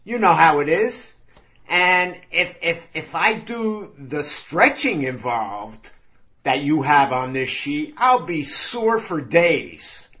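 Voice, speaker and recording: A man's voice: a little high, expressive, takes it slowly, pushed and bright, muffled recording, heavily acted. A man voicing a whiny middle-aged patient with a bad heart who protests and pleads his way out of exercise. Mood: protesting.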